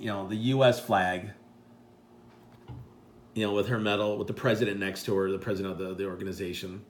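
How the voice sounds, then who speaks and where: A middle-aged man with a Midwestern American accent, chatting as a vlog host, rambling and stumbling with emotion. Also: lowish voice. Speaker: channel host and proud dad. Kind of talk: casual chat showing photos.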